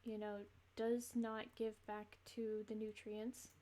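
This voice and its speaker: A woman's voice: medium pitch, monotone, slow pace, dark tone. A woman streamer giving casual, rambling gameplay commentary, laughing between thoughts.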